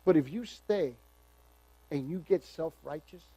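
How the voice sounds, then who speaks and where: A man's voice: fairly high pitch, lively intonation, measured pace, dark tone, husky, muffled recording. A man pastor teaching the Bible verse by verse in a conversational, emphatic way, telling personal stories.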